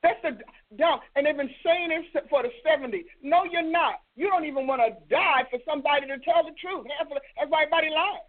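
A woman's voice: high-pitched, brisk. Woman host preacher, scolding rhetorical style, telephone-quality audio. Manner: emphatic, scolding rhetorical questions. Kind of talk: preaching broadcast. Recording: tinny phone-line sound.

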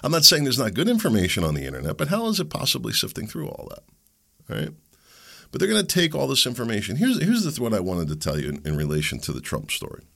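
A man's voice: medium pitch, huge pitch swings, fast, gravelly, bright, forceful tone. A middle-aged man hosting a podcast, talking in a casual opinion monologue with chuckling asides and emphatic bursts. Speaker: podcast host.

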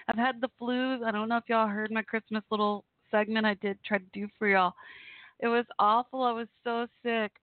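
A woman's voice: on the high side, little pitch movement, a little fast, no echo. Woman, weak voice after flu, chatty radio host, tinny phone-like sound, dry. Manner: chatty, affectionate, addresses listeners directly. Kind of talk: casual chat with listeners.

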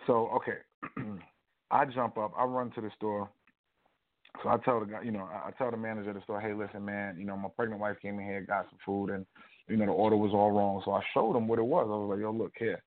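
A man co-hosting a casual talk show, telling a rambling, animated story full of fillers. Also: lowish voice, brisk. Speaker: co-host. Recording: tinny phone-like audio.

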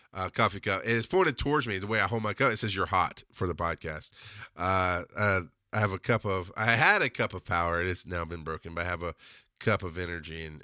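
A man's voice: medium pitch, pushed and bright, dry recording. A middle-aged man hosting his own podcast, talking in a blunt, profane, rambling way, restarting sentences and laughing at his own jokes. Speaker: podcast host. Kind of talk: casual podcast monologue.

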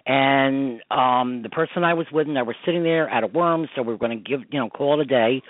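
A man's voice: medium pitch, a little fast, no echo. Man rambling on a phone line. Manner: rambling storytelling, many fillers. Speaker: radio show host. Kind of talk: casual call-in radio chat. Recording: tinny dry phone line.

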